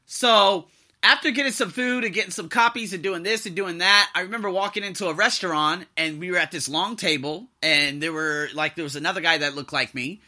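A man with a high, very bright and forceful voice tells a personal story in a casual vlog. He acts out the people he quotes and swings between loud, excited bursts and quiet, low asides. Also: a little fast. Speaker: vlogger telling a personal story.

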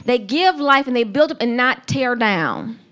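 High-voiced woman preaching a sermon. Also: animated, a bit bright. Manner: earnest, emphatic, slow deliberate phrasing.

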